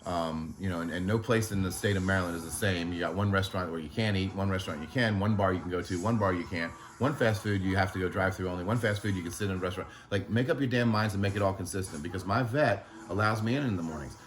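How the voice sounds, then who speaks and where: A man who runs an animal sanctuary, speaking in an emotional vlog monologue, halting and frustrated, often swearing. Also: low voice.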